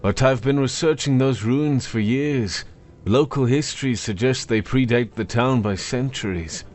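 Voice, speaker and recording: A man's voice: medium pitch, measured pace, a little mellow, natural voice. A man voicing a mild, polite cartographer. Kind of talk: storybook narration.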